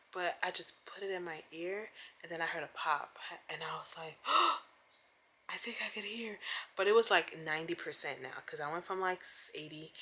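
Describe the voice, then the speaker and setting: A young woman vlogs from home into her phone, chatty and enthusiastic, peppering her talk with "like". Her voice sits low in pitch yet sounds bright and forward. A faint hiss of noise runs under the recording. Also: low-quality recording. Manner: chatty and enthusiastic, full of "like" and religious praise. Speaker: vlogger. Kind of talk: casual vlog chat. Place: home indoors.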